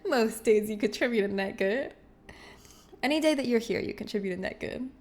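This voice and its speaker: Woman streamer, slightly high voice, playful and giggly, casual chat. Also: brisk. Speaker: game streamer. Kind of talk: casual livestream chat with viewers.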